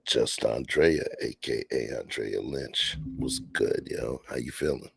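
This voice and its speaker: A man's voice: very deep voice, a little slow, creaky, a bit bright, breathy edge, soft background music. A man hosting a casual late-night podcast, laid-back and slangy, talking from home. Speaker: podcast host. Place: home, near a patio door.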